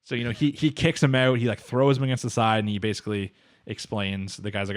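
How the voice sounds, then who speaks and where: In a mid-range voice at a quick pace, a male anime podcast co-host retells an episode in casual chat, rambling along with plenty of fillers and quoted dialogue.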